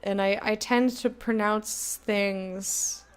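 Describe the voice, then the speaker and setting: An American woman streaming a game, chatting casually with her viewers, self-mocking and quick to laugh. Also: mid-range voice, fairly even intonation, smooth. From United States. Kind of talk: casual gameplay commentary, reading chat.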